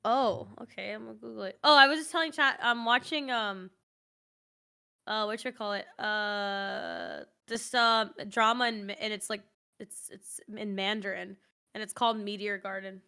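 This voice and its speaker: A woman's voice: mid-range voice, expressive, normal speed, gravelly, bright, forceful tone, clear, resonant tone. A woman chatting casually with her stream audience, rambling with lots of "like" fillers and laughing easily. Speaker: streamer co-host. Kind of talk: casual livestream chat.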